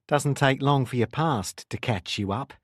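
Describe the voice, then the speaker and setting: A man's voice: mid-range voice, measured pace, no room sound, studio quality, natural voice. A man voicing a doubtful, teasing female detective with a New Zealand accent in an audiobook. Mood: wary.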